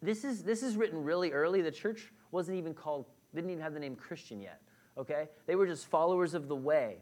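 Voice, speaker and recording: A man's voice: fairly high pitch, expressive, fairly quick, a little mellow. A man preaching a sermon to a congregation, conversational and direct, often checking in with the room. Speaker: pastor. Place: church hall with a congregation.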